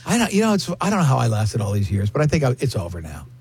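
A man hosting a casual show, playful and animated, tripping over restarts as he talks. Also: medium pitch, rapid-fire, music in the background. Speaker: host. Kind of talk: casual radio-show banter.

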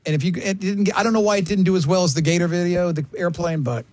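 This is easygoing studio banter from a radio host in his fifties who jokes with co-hosts and reads listener comments aloud, often laughing. He talks fast in a high-sitting, darkish voice, and there's a little hiss or hum in the audio.

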